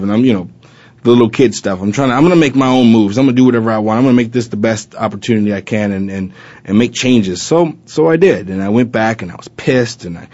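Animated man retelling his past. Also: mid-range voice, quick pace, muffled recording. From Arizona. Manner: animated retelling, acting out past dialogue with many fillers. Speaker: former college football player. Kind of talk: personal storytelling interview.

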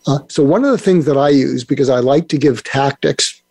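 A man's voice: mid-range voice, a little fast, vocal fry, darkish tone, no echo. An older man speaking as a guest on a podcast interview, rambling and restarting his sentences often. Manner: rambling, with many restarts and fillers. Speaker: guest expert.

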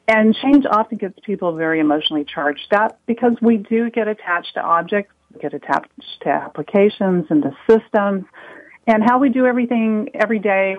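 A woman consultant guest explaining her points on a panel in a relaxed way, with ums. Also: medium pitch, no room sound. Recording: dull dry line.

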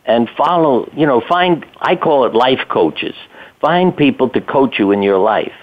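This is conversational storytelling from an older male doctor being interviewed, relaxed and plainspoken with a stray swear word here and there. The medium-pitched voice is animated but keeps a measured pace, heard over a thin, tinny phone line.

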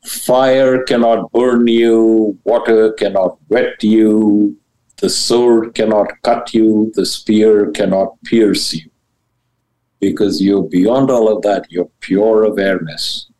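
A man with a somewhat low voice teaches spiritual ideas as a podcast guest. He talks emphatically, leaping up in pitch to stress a point and then settling back down, and he mixes blunt casual words into his teaching. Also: fairly even intonation, takes it slowly, mellow, poor audio. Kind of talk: animated interview talk about spirituality.

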